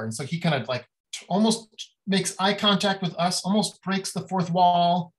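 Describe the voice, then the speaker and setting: A man's voice: high-pitched, moderate pace, low-quality recording. A man giving a casual academic lecture on design history, talking in a chatty way with many fillers and little acted-out quotes.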